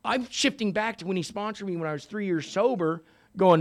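A man in his sixties telling a story at a recovery meeting, animated and profane, swinging from hushed asides to loud outbursts. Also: sits high, brisk. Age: 60s. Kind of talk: storytelling talk.

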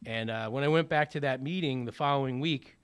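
A man's voice: mid-range voice, fairly quick, clear, resonant tone. A man telling his personal recovery story in a conversational way, with many fillers and acted-out bits of dialogue. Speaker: speaker sharing a recovery story.

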